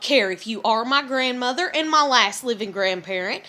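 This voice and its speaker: A woman's voice: on the high side, expressive, moderate pace, bright, forceful tone. A woman, venting in an angry, profane confessional rant to camera. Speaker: vlogger.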